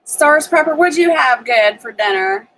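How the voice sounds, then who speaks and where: A woman's voice: sits high, animated, a little slow, bright, forceful tone, slight background noise, poor audio. A woman hosting a homestead channel, chatting casually on a live stream from her home kitchen and laughing often as she reads viewer comments.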